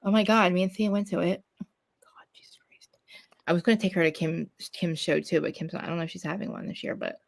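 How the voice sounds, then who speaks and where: Gravelly woman dishing gossip. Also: fairly low pitch, fast talker. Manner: profane, animated, acts out quotes. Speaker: podcast host. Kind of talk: casual gossip chat. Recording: dry home streaming mic.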